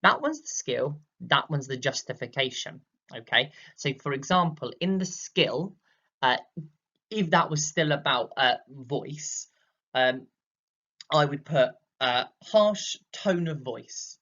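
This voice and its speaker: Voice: mid-range voice, lively intonation, unhurried, pushed and bright, lo-fi sound. A British drama teacher talking a class step by step through an exam question in a recorded lesson, checking in with "okay?" as they go.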